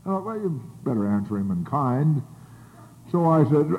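A man's voice: on the high side, sing-song, a little slow, a little hiss or hum. An older man telling a rambling personal recovery story to a group, with many fillers and restarts. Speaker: speaker sharing his recovery story. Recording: tinny phone-like audio.

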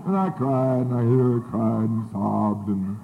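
This older man's medium-pitched voice stays steady and measured, with some vocal fry, as he tells a group about his recovery. He rambles with many fillers and restarts; the tinny, phone-like recording carries a little hiss or hum.

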